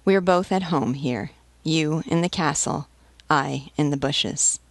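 A woman's voice: sits low, slow, dry recording, full character voice. A woman voicing a shabby, white-haired old male beggar who speaks plainly and steadily. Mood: steady.

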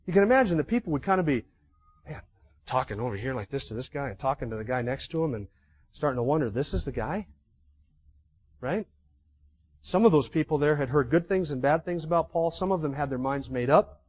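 A male preacher with a high voice delivers a sermon as a vivid story. He pauses to ask his listeners rhetorical questions. The recording sounds slightly muffled. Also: lively intonation.

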